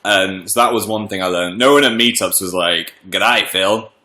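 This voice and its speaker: A young man with a bright, forceful voice hosts a casual livestream and rattles off viewers' names in greeting. He sounds slightly stuffed up from a cold. The room around him is echoey. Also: low-pitched, brisk. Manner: chatty, greets viewers by name. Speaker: livestream host.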